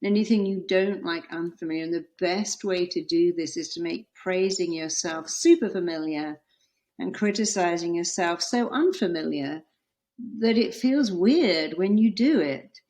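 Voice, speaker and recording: A woman's voice: on the low side, measured pace, a little mellow, low-quality recording. Earnest British woman giving advice. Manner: earnest, emphatic storytelling. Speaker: podcast guest, therapist. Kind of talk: conversational advice.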